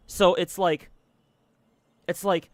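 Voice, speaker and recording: A man's voice: high-pitched, level tone, takes it slowly, no echo. A man streaming and giving casual commentary on games, rambling and swearing a lot, with many fillers and restarts. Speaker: gacha game streamer.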